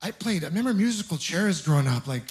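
A young man from Ontario performing a stand-up comedy set on a club stage, telling animated, self-mocking stories into a handheld mic. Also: on the high side, fast talker. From Ontario, Canada.

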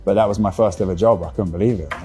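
A male actor chatting casually as an interview guest, relaxed and stammering through restarts. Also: low-pitched, fast, soft background music.

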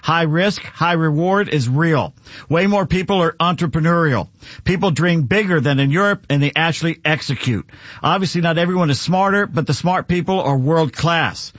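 A male radio co-host with a slightly high voice, chatting and reading listener material aloud. The studio audio is dry and somewhat dull. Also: normal speed, fairly bright tone, no room sound. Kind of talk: casual talk radio banter, reading posts aloud.

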